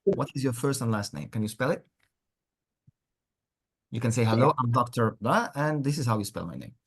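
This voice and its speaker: A man's voice: medium pitch, moderate pace, slightly rough. A man teaching an online English lesson, encouraging and repeating words with frequent praise. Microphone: computer mic on a video call.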